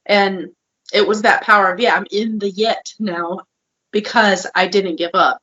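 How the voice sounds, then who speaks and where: Bubbly breathy woman podcast co-host. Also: medium pitch, a little slow, dry recording, lo-fi sound. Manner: animated, bubbly, laughs often. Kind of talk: casual podcast chat.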